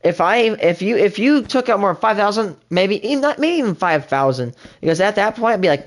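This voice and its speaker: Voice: mid-range voice, expressive, brisk, few pauses. A live streamer reacting to a TV show in rambling, indignant casual commentary, often restarting sentences.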